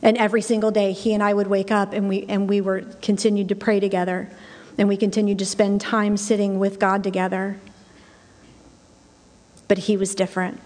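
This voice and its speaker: A woman's voice: medium pitch, little pitch movement, brisk, a little mellow. Middle-aged woman telling her story in a hall. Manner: storytelling, repeats phrases for emphasis. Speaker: speaker sharing personal testimony. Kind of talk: spoken personal testimony. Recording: long hall reverb.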